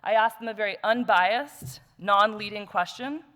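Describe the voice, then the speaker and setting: A woman's voice: medium pitch, moderate pace. Woman presenting in an echoing hall. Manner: warm, lightly joking, lists qualities one by one. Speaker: award presenter, former student. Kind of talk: introduction speech at an award session. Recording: long hall reverb.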